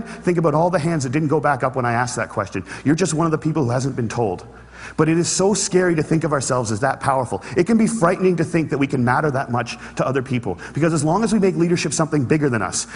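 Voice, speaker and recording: A man delivers an inspirational stage talk, mixing humor with earnest conviction. His voice is fairly high and quick. A long reverb trails his words through the hall. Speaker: public speaker. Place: large hall with an audience.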